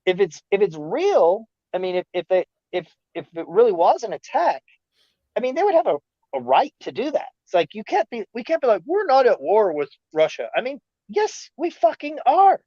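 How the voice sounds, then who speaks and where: A man talking as a podcast guest in a rambling, animated rant, often slipping into mocking quoted voices. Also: sits high, moderate pace, no room sound, dull audio. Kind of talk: casual chat.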